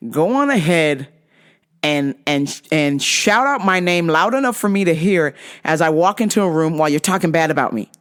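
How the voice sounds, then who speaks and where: Female podcast host, casual storyteller, foul-mouthed and very animated. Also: sits low, normal speed. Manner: animated, profane, ranting.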